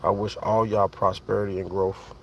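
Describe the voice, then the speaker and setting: A man's voice: lowish voice, little pitch movement, moderate pace, vocal fry. A man rambles through a casual livestream. He swears freely and keeps talking straight to his chat. The phone audio is dull and lo-fi, with a faint hiss behind it.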